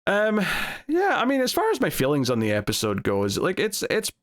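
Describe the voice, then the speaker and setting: A man's voice: high voice, wildly swooping pitch, normal speed. A man giving a casual spoken review of a TV episode. He rambles, with many fillers and restarts.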